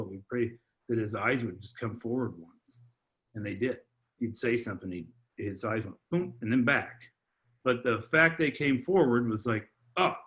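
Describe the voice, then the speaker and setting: A man on a podcast, telling a heartfelt personal story in a halting way, full of restarts and repeated words. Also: mid-range voice, fairly bright tone. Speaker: podcast guest, father. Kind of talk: heartfelt personal testimony in conversation.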